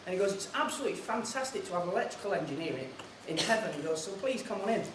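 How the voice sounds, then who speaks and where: This man's voice sits high and sounds expressive as he races along, hosting and organising a seminar. He tells an anecdotal joke and gives housekeeping notes in a chatty, storytelling way. The recording comes from far off in a roomy, noisy hall, a conference room on an air base.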